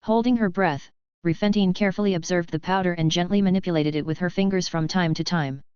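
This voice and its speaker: Smooth-voiced female audiobook narrator. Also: lowish voice, quick pace, darkish tone, no echo, lo-fi sound. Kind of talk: scripted narration.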